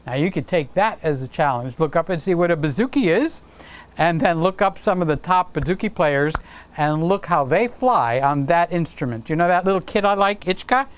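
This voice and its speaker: A man's voice: on the high side, lively intonation, moderate pace, slight background noise. A man hosting a live stream, chatting casually and playfully with viewers and reading out their comments. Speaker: livestream host.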